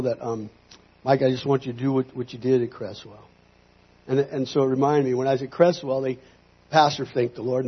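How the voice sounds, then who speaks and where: A man's voice: medium pitch, slightly rough. A man pastor giving a sermon testimony, telling a story and acting out his prayers, sometimes raising his voice. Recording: dull lo-fi recording.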